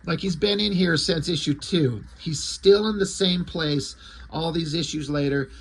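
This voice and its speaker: A man reviewing a comic book in a casual recap, crude, excitable and sarcastic. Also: a little high, unhurried, husky.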